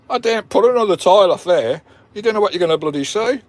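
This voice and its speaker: A man's voice: high-pitched, animated, fast, dry recording. A man hosting a live stream, chatting jokily with viewers, swearing freely and laughing a lot as he guesses a puzzle. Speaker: vanlife channel host.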